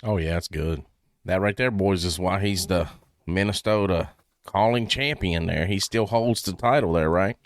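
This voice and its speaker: A man's voice: sits low, normal speed, no echo. A man hosting a casual podcast interview, talking in an upbeat, affirming, conversational way. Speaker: podcast host.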